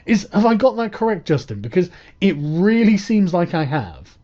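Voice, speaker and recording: A sarcastic man talks over a clip, mocking and swearing as he picks it apart. His voice is slightly high and dark in tone. The audio is dull and lo-fi. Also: very animated, moderate pace. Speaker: commentator. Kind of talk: reaction commentary.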